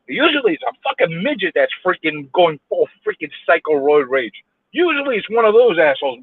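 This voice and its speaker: A man streaming from his car in traffic, rambling and stammering, then bursting into loud yelling at other drivers. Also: high-pitched, big pitch swings, fairly quick, no room sound. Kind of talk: ranting while driving. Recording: phone-like dry lo-fi sound.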